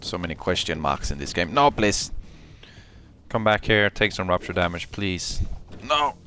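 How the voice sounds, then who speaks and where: A man giving live commentary on his own gameplay, excitable, swinging between muttering and yelling, and cursing often. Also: sits low, moderate pace, a little hiss or hum. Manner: curses often. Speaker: gameplay streamer.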